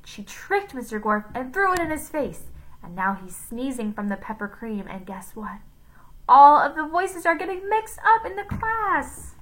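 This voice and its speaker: A woman teacher reading a chapter book aloud to children in an expressive, encouraging way. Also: high voice, moderate pace, rough recording.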